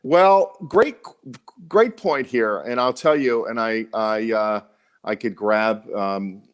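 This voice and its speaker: A middle-aged man with a Baltimore accent, talking on a live chat show in a low-pitched voice. He sounds worn out after an illness, earnest and halting, often breaking off and starting his sentences again. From Baltimore, USA. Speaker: co-host.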